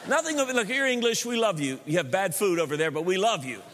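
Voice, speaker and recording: A pastor preaching a sermon in an emphatic, animated way, mixing punchy repetition with joking asides to the congregation. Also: male voice, high voice, fast talker, big-room sound.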